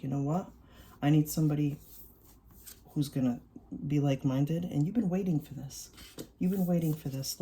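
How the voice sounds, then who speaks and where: A tarot reader giving an excited, reassuring reading to viewers, often repeating lines and tagging them with "all right?". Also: medium pitch.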